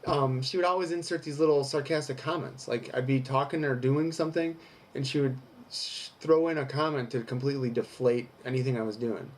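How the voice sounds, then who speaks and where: A man's voice: mid-range voice, steady tone, brisk. A young man recording a candid personal vlog who reads from an article and then talks through it frankly, with some swearing. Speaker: vlogger.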